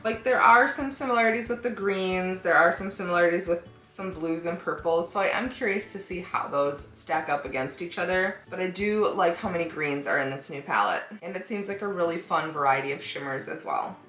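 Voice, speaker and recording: A woman with a fairly low voice chats through her makeup routine, musing aloud and hedging as she goes. She talks in an echoey room, with faint music playing behind her. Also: fairly bright tone. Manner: chatty, thinks aloud while working, hedging with "like" and "I don't know". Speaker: beauty vlogger. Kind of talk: casual makeup tutorial chat.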